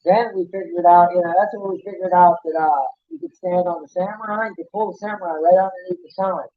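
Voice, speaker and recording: A man's voice: high voice, steady tone, quick pace. A man telling rambling, folksy stories in casual chat, often correcting himself as he goes. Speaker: podcast co-host. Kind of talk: casual storytelling. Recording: tinny phone-like sound.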